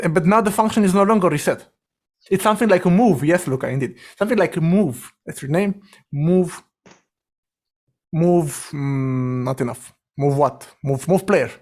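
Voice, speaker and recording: Man talking through code aloud. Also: on the high side. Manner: thinks aloud, directive, quick asides. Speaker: session facilitator. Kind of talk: guiding a live coding session.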